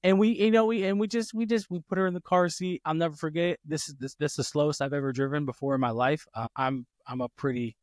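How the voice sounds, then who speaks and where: A man's voice: on the high side, quick pace, hardly any pauses, dry recording, clean studio sound. A man hosting a podcast, telling a family story in casual chat, with lots of fillers and restarts, speaking from his home office. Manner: rambling, animated, many restarts and fillers. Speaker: podcast host.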